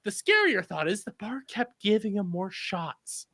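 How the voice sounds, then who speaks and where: A man on a podcast panel, bantering in a casual way, teasing the others and laughing easily. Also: high-pitched. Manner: teasing, animated, quick to laugh.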